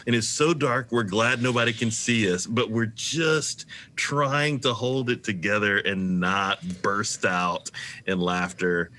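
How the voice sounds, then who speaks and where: A man's voice: on the low side, slow, pushed and bright. A man, a pastor, guesting on a podcast, chatting easily with frequent laughter and fillers. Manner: easygoing, laughs often, hesitant fillers. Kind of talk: casual podcast chat.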